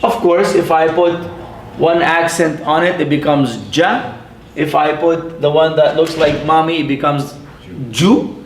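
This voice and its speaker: A man, an imam, teaching a classroom lesson, patient and playful, repeating sounds slowly for his students. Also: a little high, level tone, a little hiss or hum. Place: mosque classroom. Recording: echoey room.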